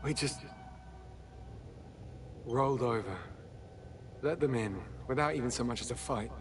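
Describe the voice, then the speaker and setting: A man voicing a weary, guilt-ridden deep-sea worker in a game, answering tersely and emotionally over the radio. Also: unhurried, a little hiss or hum, lightly acted. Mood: bitter.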